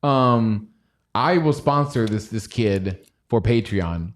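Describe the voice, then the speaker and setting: A man with a low-pitched voice hosting a casual live stream. He rambles and jokes, reads chat messages aloud, and keeps the banter loose and playful. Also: animated, takes it slowly. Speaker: livestream host. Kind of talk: casual banter on a stock livestream.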